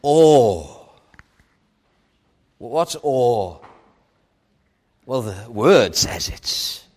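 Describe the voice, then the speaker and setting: Slow earnest male preacher. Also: mid-range voice, animated. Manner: earnest, measured, with dramatic pauses. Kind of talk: sermon.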